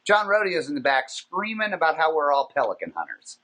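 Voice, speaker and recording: A man with a fairly high, bright voice spins a rambling, profane story on a casual podcast. His pitch swings widely as he talks, giving the tale an animated, lively bounce. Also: brisk. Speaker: podcast host.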